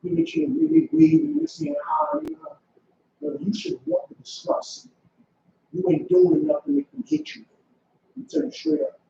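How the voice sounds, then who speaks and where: A man's voice: very high voice, animated, normal speed, vocal fry, mellow, a little hiss or hum. A man leading a class, preaching in a commanding way and repeating short demands. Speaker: school leader teaching a class. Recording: echoey room, far from mic, dull lo-fi.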